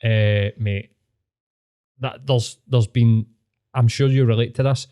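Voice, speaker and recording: A man's voice: mid-range voice, fairly even intonation, takes it slowly, dark tone, smooth. A man with a Glaswegian Scottish accent, a podcast guest talking earnestly and reflectively, swearing and saying "mate" a lot. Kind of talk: casual podcast chat.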